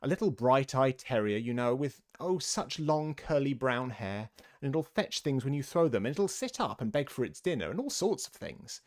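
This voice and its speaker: A man's voice: mid-range voice, animated, moderate pace, lightly acted. A man voicing a polite, curious young girl in a storybook reading, earnest and a little prim. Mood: chattering.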